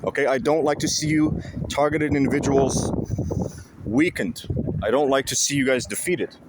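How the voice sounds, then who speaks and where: A man's voice: medium pitch, normal speed, very noisy. A man vlogging outdoors by a lake, speaking to his viewers in an intense, repetitive and profane way. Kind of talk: casual monologue to viewers.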